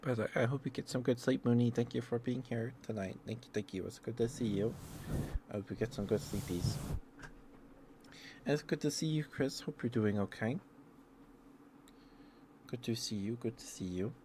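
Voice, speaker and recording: A man streaming ASMR, chatting casually and excitedly with viewers in a rambling, friendly way. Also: medium pitch, a little hiss or hum. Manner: excitable, rambling, with fillers and quick laughs. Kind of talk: casual live-stream chat.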